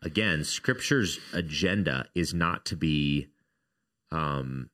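A man's voice: a bass voice, lively intonation, slow pace, sharp tone. A man co-hosting a casual faith discussion, arguing his point in an earnest, reflective way.

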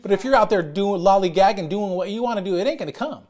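Loud, emphatic middle-aged male pastor. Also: high-pitched, quick pace. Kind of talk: sermon.

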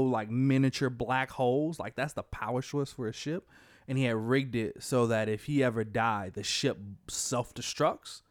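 Casual male storyteller, mid pitch, animated delivery, dry recording. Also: no room sound. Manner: animated storyteller, quotes characters in his own voice. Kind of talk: casual retelling of a comic book plot.

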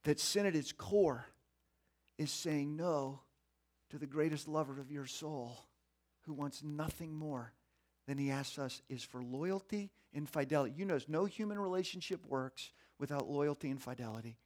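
A man preaching a sermon in a conversational, folksy way, swinging between hushed passages and loud, animated ones. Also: a little high, moderate pace. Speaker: pastor.

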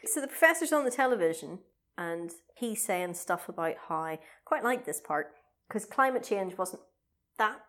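A British woman in her thirties tells a story in casual, rambling chat. Her voice sits at an ordinary middle pitch, and she keeps the tone jokey as she goes. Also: expressive, normal speed, a bit bright.

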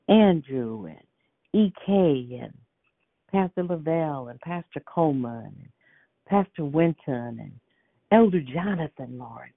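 A woman with an extremely low, gravelly voice leads a prayer line by phone, fervently repeating praise and thanks. The recording is dry, and the line sounds tinny.

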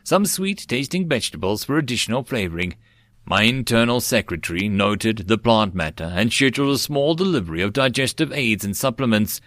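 A man reading a sci-fi fan fiction story aloud in a plain, steady storytelling way. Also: medium pitch, fairly quick, no room sound, clean studio sound.

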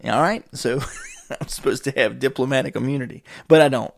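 Briskly and in a gravelly mid-range voice, a man hosts a podcast alone. His casual monologue rambles from tangent to tangent, peppered with swearing and frequent chuckles.

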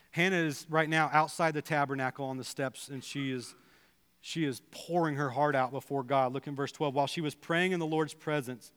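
A man's voice: medium pitch, fairly bright tone, smooth. A man preaching a sermon as a pastor, earnestly acting out quoted prayers and dialogue. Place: church sanctuary. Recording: long hall reverb.

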